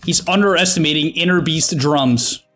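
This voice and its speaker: A man's voice: on the high side, moderate pace, fairly bright tone, soft background music. Casual man commentating his own game. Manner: thinking aloud, self-critical, with frequent restarts and short laughs. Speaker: gameplay commentator.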